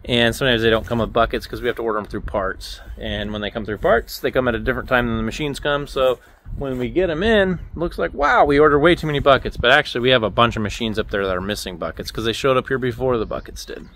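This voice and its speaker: A man's voice: mid-range voice, fast, fairly bright tone. A man casually narrating an equipment dealer's vlog, chatty and self-joking, thinking aloud as he works around a yard and shop.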